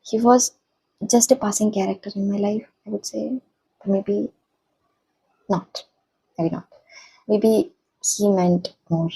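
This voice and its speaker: A young woman, a college student, talking softly and haltingly in a personal reflective vlog. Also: medium pitch, fairly even intonation, vocal fry, husky, poor audio. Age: young adult. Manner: soft-spoken, hesitant, halting.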